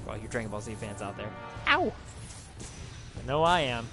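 A man giving casual gameplay commentary as a streamer, excitable and profane, with loud outbursts and rants at the game. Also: medium pitch, moderate pace. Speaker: gaming streamer. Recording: game music playing behind.

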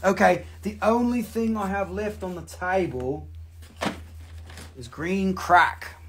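A man's voice: high voice, slow, background noise. A man hosting a casual live sale, rambling and joking, swearing freely as he shows his pieces. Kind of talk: casual live sales stream.

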